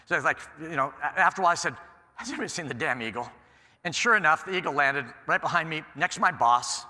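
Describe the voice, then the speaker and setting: Man, keynote speaker, animated storyteller, bright voice, long hall reverb. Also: fairly high pitch, fast. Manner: animated storyteller, acts out quoted exchanges. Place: large conference hall. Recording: echoey hall sound.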